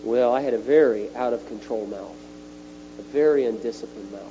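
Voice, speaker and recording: A middle-aged man preaching a sermon at a retreat, animated and emphatic, his voice jumping up on key words. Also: medium pitch, normal speed. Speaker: speaker at a retreat. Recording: dull lo-fi recording with faint mains hum.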